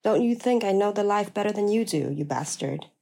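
A woman's voice: mid-range voice, lively intonation, a little fast, creaky, warm tone. A woman reading the lines of a fiery female partner who flies into rage and curses hard. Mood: furious. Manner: angry, cursing retorts.

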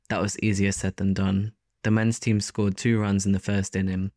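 A man narrating a first-person story as an audiobook in a steady, even delivery. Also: lowish voice, normal speed, few pauses, no echo, studio quality.

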